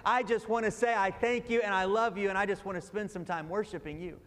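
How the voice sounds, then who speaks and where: A man's voice: high-pitched, steady tone, a little fast, fairly bright tone, in a large hall. A man preaching a sermon as pastor, raising his voice for emphasis and acting out the lines he quotes.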